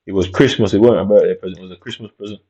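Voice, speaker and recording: Man, low and mellow voice, rambling personal monologue, muffled lo-fi sound. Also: fairly even intonation, racing. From Jamaica. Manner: rambling and reflective, tags lines with "innit". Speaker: vlogger. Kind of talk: casual storytelling monologue.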